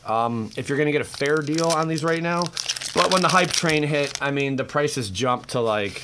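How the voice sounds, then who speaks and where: A young man hosting a casual card pack-opening vlog, hyper and excitable with crude exclamations. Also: fairly high pitch, moderate pace, background noise. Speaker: card-opening YouTube host.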